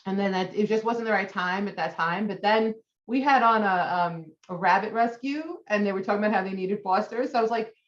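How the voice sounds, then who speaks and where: A woman's voice: medium pitch, fairly quick, hardly any pauses, echoey room, dull audio. A woman co-hosting a casual chat, emotional and gushing. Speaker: podcast co-host, animal advocate.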